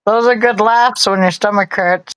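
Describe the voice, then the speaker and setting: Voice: mid-range voice, steady tone, normal speed, a bit bright, clean tone, dry recording, poor audio. A co-host on a livestream who mostly listens and responds with short, supportive remarks in casual chat.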